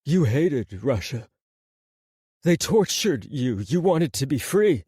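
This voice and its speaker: A man's voice: medium pitch, big pitch swings, slow pace, warm tone, slightly rough, no room sound, studio quality, heavily acted. A man doing a shaken, disbelieving judge. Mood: shocked, pleading. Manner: urgent, disbelieving. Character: shaken middle-aged male judge.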